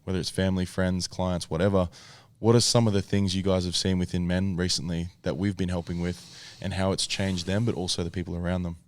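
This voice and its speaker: A man's voice: low voice, level tone, a little fast, hardly any pauses. A man hosting a casual podcast chat, steering the talk with long, open questions. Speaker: podcast host. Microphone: headphones and studio mic.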